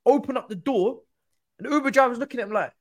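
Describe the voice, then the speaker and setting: A man telling an animated story in casual chat, acting out other people's voices. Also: very high-pitched, quick pace. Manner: animated, acts out quoted voices. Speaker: guest football pundit.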